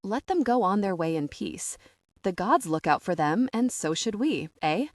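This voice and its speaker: A woman voicing a smooth-talking older man who calmly soothes a drunk. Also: mid-range voice, normal speed, dry recording, clean studio sound, natural voice. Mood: persuasive. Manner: calm, friendly, persuasive.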